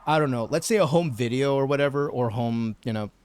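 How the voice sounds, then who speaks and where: A man's voice: mid-range voice, fairly quick, darkish tone, a little hiss or hum. A man streaming a game, chatting casually and joking, laughing often. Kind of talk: casual live-stream chat.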